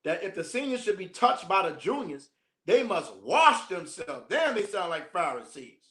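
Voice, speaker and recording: A man's voice: sits high, sing-song, normal speed, pushed and bright, roomy sound. A man teaching as a minister, reading a text aloud and breaking off into slangy, joking asides with frequent laughs.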